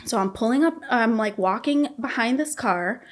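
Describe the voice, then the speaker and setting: A young woman with a fairly high voice tells her story as a podcast guest. She is blunt, swears freely and gets heated as she recounts what happened. She talks candidly. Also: expressive, moderate pace.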